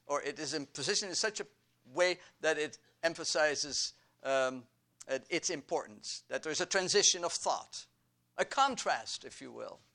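A man preaching a sermon, slow and deliberate, building emphasis through repeated phrases. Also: a little high, sharp tone. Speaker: pastor.

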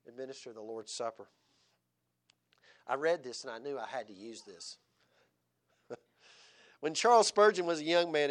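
A male pastor preaching a sermon, swinging dramatically between loud exhortation and hushed tenderness, with frequent chuckles. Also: mid-range voice.

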